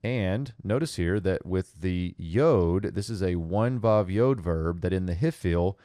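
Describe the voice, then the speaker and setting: Deep-voiced man teaching Hebrew grammar. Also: expressive, measured pace, warm tone, dry recording, studio quality. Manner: methodical, thinking aloud with small restarts and fillers. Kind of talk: explaining a verse's grammar step by step.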